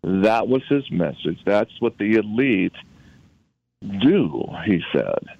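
A man from Utah, a guest recounting a personal story in conversation, halting and often repeating words as he recalls events. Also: on the low side, big pitch swings, gravelly, no room sound, phone-quality sound.

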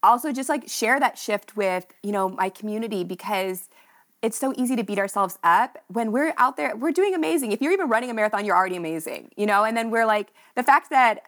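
A woman's voice: a little high, expressive, a little fast, fairly bright tone. A young woman speaking as a podcast guest, telling a personal running story in an emotional, heartfelt way, with many fillers like "like" and "you know".

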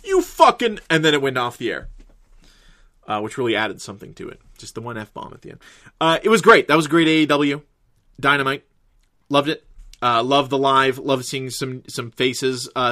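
A man's voice: medium pitch, pushed and bright, dry recording, studio quality. A man recapping wrestling and a TV episode in casual commentary, rambling with lots of filler words and casual swearing. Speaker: wrestling and TV reviewer.

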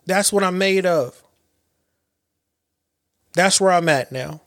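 Higher-voiced man in his late thirties, dry sound. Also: slow, no room sound. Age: late 30s. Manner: animated storyteller with repetitions and slang. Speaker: podcast host. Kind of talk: casual reflective monologue.

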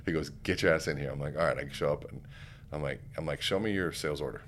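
A man's voice: very deep voice, fast, a little hiss or hum. A man telling a story in casual conversation as a podcast guest, acting out what people said. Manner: animated, acts out quoted dialogue. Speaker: podcast guest, keynote speaker.

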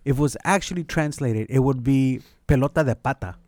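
A man's voice: mid-range voice, fairly quick, a little mellow, dry recording, clean studio sound. A man co-hosting a podcast, rambling and joking with casual swearing. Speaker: podcast co-host. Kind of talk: casual chat.

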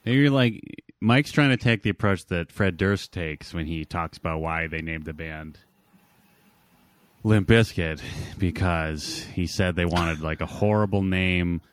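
A man's voice: low-pitched, measured pace, dry recording, clean studio sound. A man co-hosting a casual podcast from home, rambling in a laid-back way. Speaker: podcast co-host. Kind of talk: casual chat. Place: home, upstairs room with a screen behind. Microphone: remote recording over Wi-Fi.

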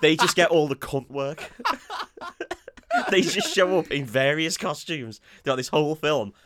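A man's voice: a little high, measured pace, a bit bright. A man co-hosting a casual film chat, joking, swearing and laughing often. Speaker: podcast co-host.

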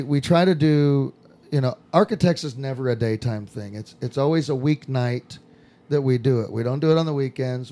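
A man's voice: medium pitch, warm tone. A middle-aged man from Southern California, a skydiving coach, chatting casually and telling stories with laughs. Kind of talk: casual podcast chat.

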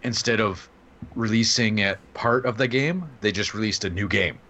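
A man's voice: lowish voice, normal speed, sharp tone, muffled recording. A man co-hosting a casual gaming chat, rambling as he explains things. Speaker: co-host.

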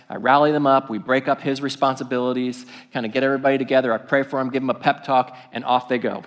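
A man pastor delivering a sermon, telling a story in an animated, conversational way. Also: mid-range voice, racing, big-room sound.

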